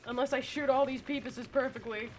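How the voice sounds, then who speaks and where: A woman's voice: sits high, steady tone, fairly quick, a little hiss or hum. A woman streamer commentating her own gameplay live, talking to herself, swearing and venting in frustration. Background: faint game music.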